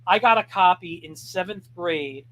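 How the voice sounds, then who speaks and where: Man, interviewee, casual chat, rambling anecdotes, raised pitch. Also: moderate pace, highs cut off. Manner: easygoing storyteller, many fillers. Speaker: guest cartoonist.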